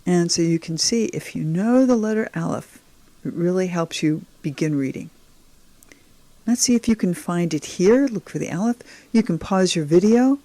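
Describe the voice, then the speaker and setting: Low-pitched yet animated, the woman speaks at a moderate pace with a dark tone on a dry recording. She is a Hebrew teacher slowly and patiently guiding beginners through slides, addressing the viewer encouragingly.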